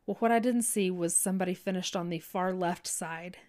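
A woman telling a heartfelt personal faith story in an earnest, halting way, full of restarts and fillers like "you know". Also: lowish voice, darkish tone.

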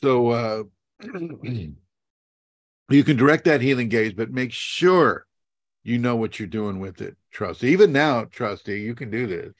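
A man's voice: medium pitch, a little slow, no room sound. A man hosting a casual video-call question session as a spiritual teacher, rambling with fillers and laughing at himself.

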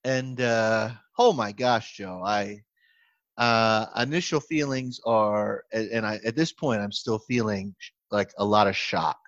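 A man's voice: fairly low pitch, measured pace, dry recording. A man, a pastor co-hosting a podcast, telling a story in casual chat with lots of laughter and restarts. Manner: animated storytelling, frequent laughter and self-restarts. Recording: slightly muffled, dry recording.

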